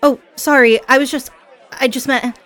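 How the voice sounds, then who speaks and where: A woman's voice: mid-range voice, expressive, a little slow, a faint crowd, close to an everyday voice. A woman playing a chatty, giggly party girl. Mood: teasing. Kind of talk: scripted audio role-play.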